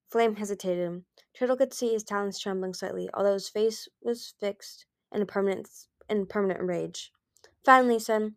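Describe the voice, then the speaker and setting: A woman's voice: mid-range voice, normal speed, no room sound, clean studio sound. A woman reading a fantasy novel aloud in an amateur recording, with small slips and restarts. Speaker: audiobook reader.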